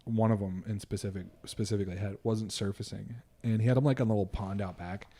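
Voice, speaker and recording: A man's voice: lowish voice, steady tone, fast talker, mellow. Man, podcast co-host, casual storytelling, rambling, profane, laughs often.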